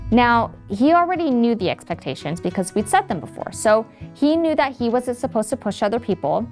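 A woman's voice: on the high side, sing-song, a little fast, few pauses, faint music behind. A woman in her thirties giving scripted, friendly instructional narration for a teacher training video. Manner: friendly, acts out quoted phrases. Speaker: trainer for educators.

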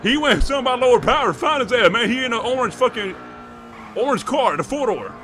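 A man roleplaying a gang member in a crime game, frantic and swearing, repeating himself as he yells for help. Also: very high voice, lively intonation, fairly quick, faint music behind. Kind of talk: in-character GTA roleplay.

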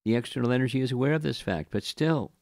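A man giving a scripture lecture as a spiritual teacher, speaking in a halting way with frequent restarts and repeated words. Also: medium pitch, vocal fry, darkish tone, dry recording, studio quality.

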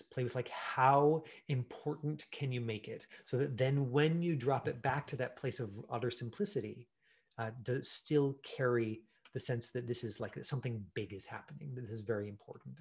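Chatty male acting coach. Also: mid-range voice. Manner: chatty, animated, full of fillers and acted-out examples. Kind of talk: online acting class.

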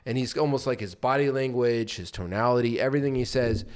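Smooth-voiced man coaching on sales. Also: mid-range voice, fast talker, a little mellow. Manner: explains by acting out short examples; loose, with frequent fillers and restarts. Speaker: podcast co-host and sales coach. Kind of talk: casual instructional talk.

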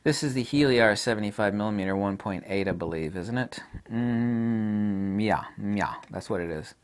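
A middle-aged man reviewing camera lenses in a blunt, rambling, casual way, swearing offhand and laughing at his own jokes. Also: normal speed. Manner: animated, pitch swings widely.

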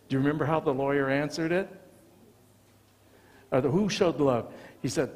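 An American man, a visiting pastor, preaching a sermon with animated storytelling, acting out the dialogue of the people in his stories. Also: medium pitch, a little fast, vocal fry. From United States. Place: church sanctuary. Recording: long church reverb.

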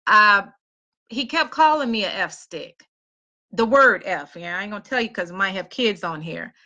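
A middle-aged woman tells a personal story in a lively, animated way and slips into voices for other people. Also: medium pitch, moderate pace, highs cut off. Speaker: motivational speaker. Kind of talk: storytelling talk.

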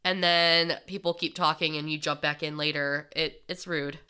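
A woman co-hosting a podcast in casual discussion, relaxed and conversational with light laughter. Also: sits low, moderate pace, clear, resonant tone. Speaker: podcast co-host.

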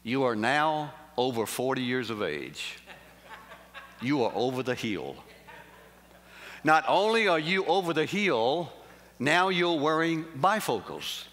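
A sly male devil jeers in a low, hurried voice, as a preacher puts him on in a sermon. His tone is bright and cutting, and the words ring out in a long hall reverb. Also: big pitch swings. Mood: taunting. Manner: jeering, quick and low.

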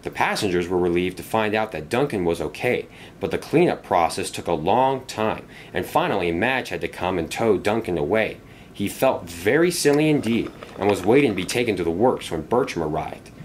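A man narrating a children's storybook tale in an expressive, animated way. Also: low voice, moderate pace, a little hiss or hum.

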